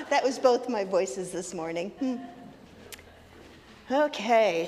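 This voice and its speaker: A woman's voice: medium pitch, slow, darkish tone. A woman leading a playful children's message in a congregation, teasing and sing-song as she talks with the kids. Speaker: minister leading a children's story time. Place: sanctuary of a congregation. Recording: long hall reverb, faint ambient noise.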